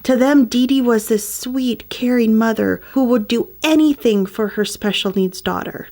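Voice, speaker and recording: A woman's voice: a little high, moderate pace, hardly any pauses, a little mellow. A woman narrating a true crime story in a casual, conversational way, with wry asides.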